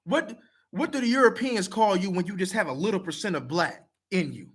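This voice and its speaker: A man's voice: high-pitched, animated, a little fast, a bit bright, breathy edge. A man talking straight to camera, blunt, profane and heated, repeating himself to press his point. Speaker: video commenter. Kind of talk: casual talk to camera.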